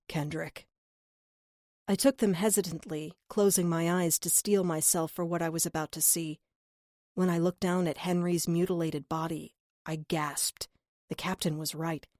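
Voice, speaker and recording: A woman narrating a first-person crime audiobook in a measured, earnest way on a close studio mic. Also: on the low side, a little mellow, no room sound.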